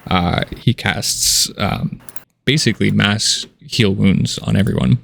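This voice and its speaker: Gravelly-voiced man running a game. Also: fairly low pitch, slow, a bit bright. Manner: casual, many fillers, descriptive. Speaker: game master. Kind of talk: narrating a tabletop game.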